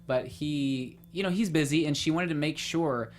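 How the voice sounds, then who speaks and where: A woman hosting a casual chat, talking quickly with lots of fillers and animated retellings. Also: sits low. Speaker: host. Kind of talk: casual chat about a TV show.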